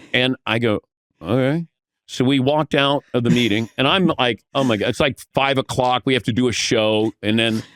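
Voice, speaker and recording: A man telling animated anecdotes as a podcast guest, acting out the voices of the people in his stories. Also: medium pitch, dry recording, studio quality. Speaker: podcast guest, veteran sportscaster. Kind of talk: casual storytelling.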